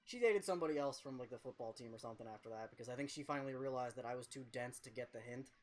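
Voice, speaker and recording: A man's voice: medium pitch, very fast. Profane, rambling young male streamer. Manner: rambling, profane, self-mocking. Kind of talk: casual storytelling during a game livestream.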